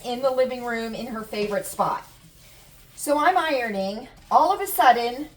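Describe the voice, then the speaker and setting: A middle-aged American woman vlogger telling stories and chatting casually to her viewers, repeating herself for emphasis. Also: sits high. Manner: chatty, animated storytelling with repetitions. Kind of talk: casual chat to camera. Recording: distant mic with faint room noise.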